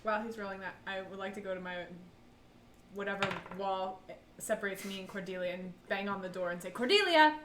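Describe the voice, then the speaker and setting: A woman playing a tabletop game, chatting casually in a giggly, animated way. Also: medium pitch, fairly quick, echoey room, background noise. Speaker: player.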